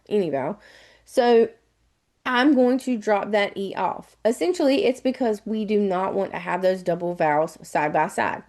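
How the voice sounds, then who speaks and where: Southern US woman, test prep tutor, chatty, repeats each step, mid-pitched. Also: a little mellow. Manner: chatty, repetitive step-by-step explaining. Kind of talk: live online webinar lesson.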